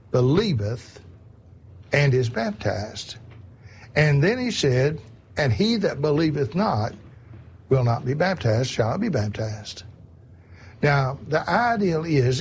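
A man's voice: a little high, slightly rough. A man preaching a sermon in an earnest, repetitive way, often calling his listeners "my friends".

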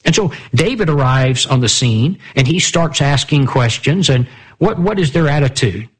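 A man's voice: medium pitch, lively intonation, normal speed, husky. A man teaching a Bible study, asking his listeners rhetorical questions and reading verses aloud.

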